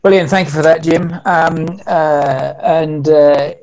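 A man's voice: fairly high pitch, steady tone, takes it slowly, darkish tone, low-quality recording. A middle-aged man introducing himself as an investor on a video call, genial and self-deprecating, with fillers. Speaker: investor panelist.

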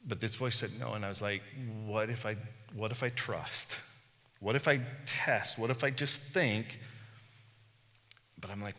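Bright-voiced man preaching in a reverberant hall. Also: lowish voice, unhurried, long pauses. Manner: candid, self-deprecating storytelling with chuckles. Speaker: bishop preaching. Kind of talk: conversational sermon. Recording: long reverb from a large room.

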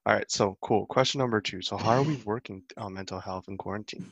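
A man co-hosting a casual podcast, talking in a halting way with frequent restarts. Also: on the low side, creaky, a bit bright, husky, no room sound. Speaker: podcast co-host.

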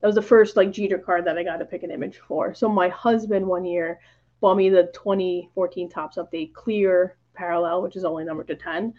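A woman's voice: on the low side, fairly even intonation, fairly quick. Chatty woman on a lo-fi podcast line. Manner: chatty, many "like" fillers, acts out quoted lines. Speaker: podcast guest. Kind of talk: casual podcast chat.

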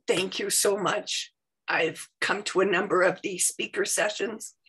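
A tearful woman sharing heartfelt, halting thanks on a video call. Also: lowish voice, fairly bright tone, breathy edge. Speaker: meeting participant.

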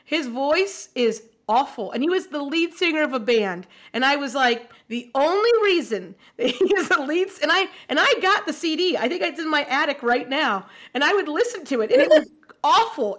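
A woman chatting as a podcast guest, telling stories in an emphatic, animated way and laughing often. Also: high-pitched, moderate pace. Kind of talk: casual chat.

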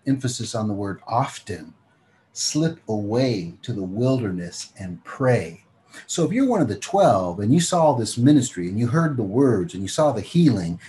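Mellow-voiced man teaching the Bible. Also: mid-range voice, lively intonation, a little hiss or hum, rough recording. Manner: reads scripture slowly, then explains in plain conversational talk; invites listeners to picture themselves in the story. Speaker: preacher.

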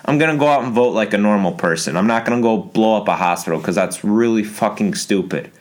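A man's voice: lowish voice, fast talker. A man hosting a podcast, ranting casually in a rambling, exasperated and profane way. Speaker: podcast host.

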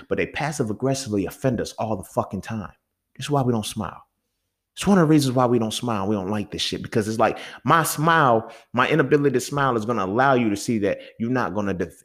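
A young man hosting a solo podcast, talking in a heated, profane way and often asking the listener if they feel him. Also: mid-range voice. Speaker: podcast host. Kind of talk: casual monologue.

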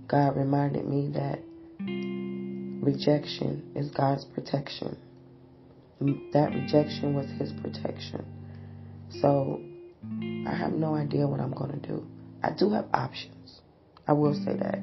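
A woman hosting a personal confessional podcast, talking in a slow, halting, weary way. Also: a bass voice, vocal fry. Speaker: podcast host. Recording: dull lo-fi audio with guitar music.

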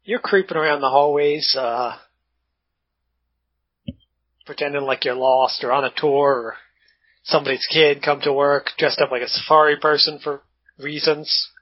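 A man's voice: fairly high pitch, fairly even intonation, moderate pace, pauses often, no echo. A man narrating a tabletop game as game master, describing scenes in a laid-back, matter-of-fact way. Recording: dull lo-fi sound.

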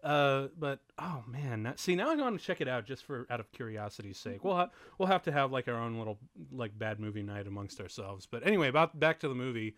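Excitable man in a lively movie chat. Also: medium pitch, brisk, few pauses, no echo, studio quality. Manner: excitable, laughs often, swears, mock outrage. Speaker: movie commentary co-host. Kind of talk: casual movie watch-along chat.

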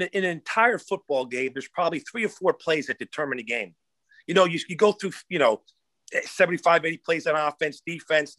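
Man, middle-aged, former football coach, animated storyteller, quick talker, dry close sound. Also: on the high side, no echo. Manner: animated storyteller who acts out the people he quotes. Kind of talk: casual storytelling in a podcast interview.

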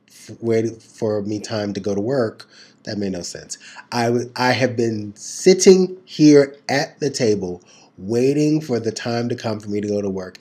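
Man, playful podcast co-host, rambles, keeps correcting himself, mid-pitched. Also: darkish tone. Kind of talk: casual chat.

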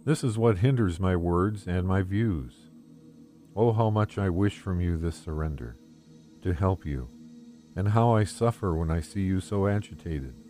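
A man reading a devotional text aloud in the first person, in a calm, gentle and measured way. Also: sits low, faint music behind. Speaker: devotional reader.

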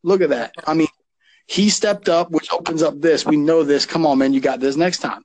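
A man's voice: a little high, steady tone, normal speed, darkish tone, no room sound, rough recording. A man who coaches youth football, talking casually and emphatically on a podcast, often repeating words as he gets going.

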